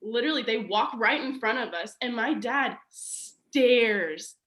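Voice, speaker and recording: A woman's voice: fairly high pitch, animated, unhurried, fairly bright tone, reverberant. A young woman, a podcast guest, telling a personal story in a chatty, casual way, peppering her speech with "like".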